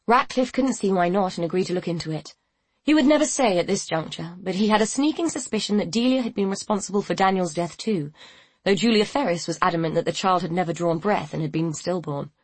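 Husky-voiced woman narrating a novel. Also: fairly low pitch, lively intonation, fairly quick, no echo. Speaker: audiobook narrator. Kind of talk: scripted narration.

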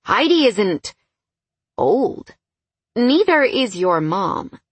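A woman's voice: medium pitch, big pitch swings, very slow, husky, no echo, full character voice. A sulky, guarded young man with a bitter, grudging edge to every line, as a woman reads him. He sounds close and dry, with no room around him. It comes across as a plain audiobook performance.

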